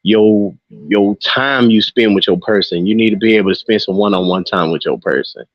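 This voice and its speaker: Male podcast co-host, low voice, dry close sound, rambling and blunt. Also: normal speed, dry recording. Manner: frank, rambling, swears freely. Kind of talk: casual chat. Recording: muffled lo-fi audio.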